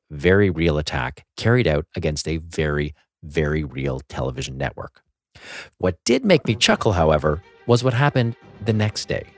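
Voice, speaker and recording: A man's voice: sits low, breathy edge. A man hosting a podcast, telling a story in scripted narration with self-mocking humor, then chatting casually with his guest. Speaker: podcast host.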